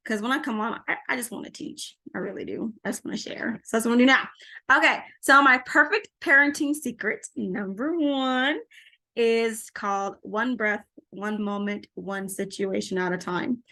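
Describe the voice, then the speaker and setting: A middle-aged woman giving parenting advice to camera in a casual, animated way, laughing often and repeating phrases for emphasis. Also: medium pitch. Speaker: parenting coach.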